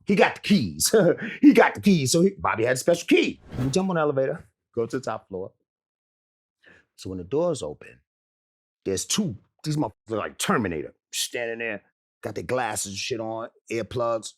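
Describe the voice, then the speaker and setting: Animated, profane man telling a story. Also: mid-range voice, normal speed. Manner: profane, laughs through his story, acts out quotes. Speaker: interview guest.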